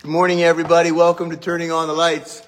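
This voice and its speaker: Speaking quickly in a slightly high voice, a middle-aged male pastor jokes around with his congregation on a relaxed morning livestream. He's chatty and full of lively asides, though still getting past a cough.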